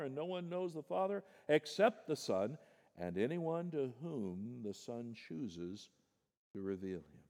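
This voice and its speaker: A middle-aged man preaching a sermon as pastor, dropping low and quiet, then rising sharply in pitch and volume for emphasis. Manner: swings from soft and low to loud, high-pitched emphasis. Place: church sanctuary. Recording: long hall reverb.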